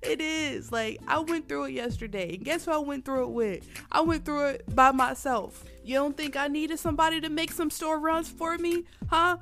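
A woman's voice: high voice, normal speed, few pauses, fairly bright tone, faint music behind. A woman hosting a casual solo podcast while sick and coughing, candid and rambling, laughing often and calling her listeners y'all. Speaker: podcast host.

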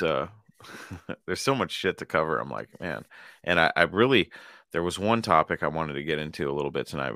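A man's voice: a bass voice, gravelly, pushed and bright, no echo, studio quality. A man co-hosting a paranormal podcast, talking in a loose, profane way and laughing often. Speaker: podcast co-host. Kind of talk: casual chat.

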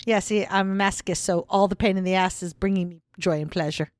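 A woman's voice: medium pitch, fairly even intonation, quick pace, a little mellow, dry recording, studio quality. A woman co-hosting a casual podcast from her own house, brash and playful, swearing freely. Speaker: podcast co-host. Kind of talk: casual chat.

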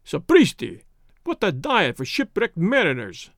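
A man voicing a haughty gentleman passenger, clipped and imperious. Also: on the high side, big pitch swings, normal speed, no room sound, studio quality.

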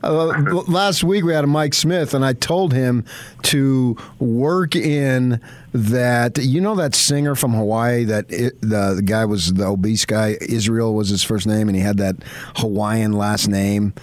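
A man's voice: medium pitch, a little slow, no room sound. Rambling, eager male sports radio host. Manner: enthusiastic, rambling storyteller. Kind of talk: casual sports radio talk.

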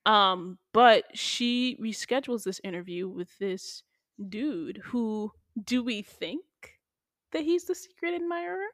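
A young woman hosting a podcast recaps a TV episode in casual chat, her delivery animated, playful, and full of slang. Her voice is a little high and slow, recorded with studio quality and no echo.

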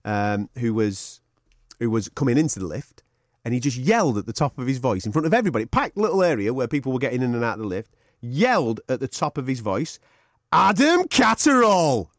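A man's voice: medium pitch, fast talker, dry recording, studio quality. A man co-hosting a podcast, teasing and joking in casual banter. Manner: teasing, animated, jokey. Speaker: podcast co-host.

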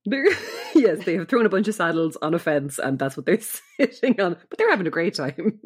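A woman's voice: on the low side, big pitch swings, normal speed, slightly rough. A woman co-hosting a podcast, chatting casually and giggling as she retells scenes. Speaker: podcast co-host. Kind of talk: casual chat recapping an episode.

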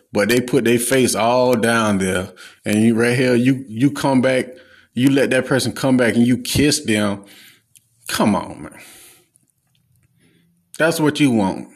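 A man's voice: mid-range voice, creaky. A man hosting his own podcast, giving a blunt, profane, lecturing solo rant. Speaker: podcast host.

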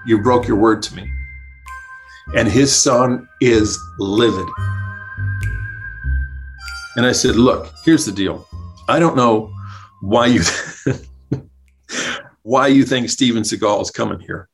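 A man telling a comic anecdote as a podcast guest, animated, acting out the people he quotes and laughing as he goes. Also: mid-range voice, slow, long pauses, faint music behind. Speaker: guest storyteller, comedy writer. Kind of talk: casual anecdote.

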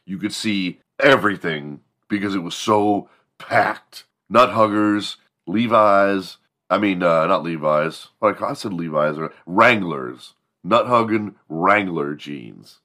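Low, bright-voiced man telling profane stories. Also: measured pace. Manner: profane, rambling, animated. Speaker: morning show host. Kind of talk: comedic storytelling.

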